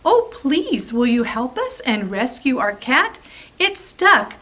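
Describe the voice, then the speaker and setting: Eager young children from a picture book voiced by a woman plead and coax in a high, lifted voice. The pitch bounces around a lot, and the lines come out slow and careful. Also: very animated, sharp tone, full character voice. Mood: pleading, excited.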